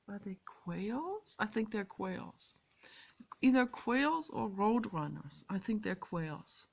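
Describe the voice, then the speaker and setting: A woman speaks slowly in a gravelly, fry-laden voice, stretching her words as she muses in a casual vlog. She leans hard on some words and falls to a hushed whisper on others. She is recording outdoors. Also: medium pitch, lively intonation. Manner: emphatic and drawn-out, swinging between loud stresses and soft whispers. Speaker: vlogger. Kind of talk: casual spoken monologue on meditation.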